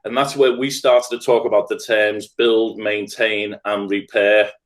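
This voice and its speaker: Earnest Scouse man, low voice. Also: little pitch movement, measured pace. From Liverpool, England. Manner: earnest, thoughtful, builds points in lists. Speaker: guest, restorative practice trainer. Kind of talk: reflective podcast conversation.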